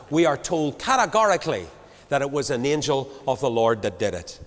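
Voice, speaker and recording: A man preaching a sermon to a large congregation, swinging from loud declarations to quiet low asides. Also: sing-song, normal speed. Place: large church. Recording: long hall reverb.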